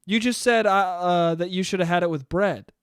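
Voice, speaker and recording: A man's voice: high-pitched, normal speed, smooth, no echo, clean studio sound, close to an everyday voice. A man doing his confused mother. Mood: puzzled. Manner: puzzled, repeating questions. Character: confused middle-aged mother mishearing words.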